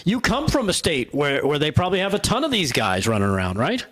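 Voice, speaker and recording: A man's voice: on the high side, big pitch swings, a little fast, fairly bright tone. A male talk show host chatting casually, with frequent stammered restarts. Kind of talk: casual chat.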